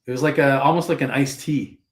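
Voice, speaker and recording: A man's voice: medium pitch, fairly even intonation, fairly quick. A Canadian man chatting casually and eagerly on a live show, rambling with fillers. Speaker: panelist on a live whiskey and board game show. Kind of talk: casual chat. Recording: roomy echo.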